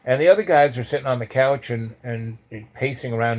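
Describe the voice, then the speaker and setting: A man's voice: a little fast, hardly any pauses. A man telling a personal story in a casual, rambling way, full of "you know" and "like" fillers. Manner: lively shifts in pitch and loudness while telling. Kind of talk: casual spoken anecdote.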